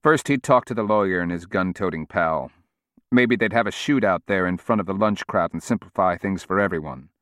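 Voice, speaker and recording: A man reading a novel aloud in a measured, steady audiobook narration. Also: low voice, dry recording, clean studio sound.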